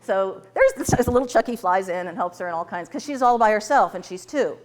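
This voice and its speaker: A woman teaching a tapping workshop, telling client stories to a live class, laughing often and acting out the dialogue in lively voices. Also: mid-range voice, brisk.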